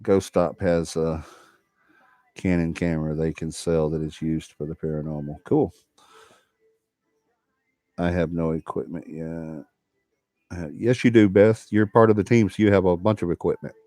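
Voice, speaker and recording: A man's voice: low-pitched, steady tone, moderate pace, long pauses, mellow, dry recording. A man hosting a paranormal livestream, chatting casually and reading out viewer comments in a folksy, laughing way. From Alabama.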